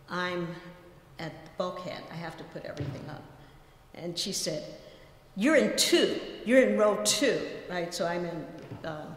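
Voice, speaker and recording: A woman's voice: fairly low pitch, slight background noise. Woman giving a chatty lecture, lots of asides, big echoey hall. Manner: conversational storytelling with asides. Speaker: guest lecturer. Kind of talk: academic colloquium talk.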